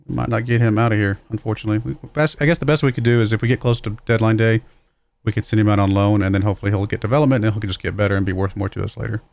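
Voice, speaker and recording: Gravelly-voiced man musing over a game. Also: lowish voice, steady tone, rapid-fire, a little mellow. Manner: musing aloud, self-deprecating, chuckles at own mistakes. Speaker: streamer playing a football management game. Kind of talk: casual livestream commentary.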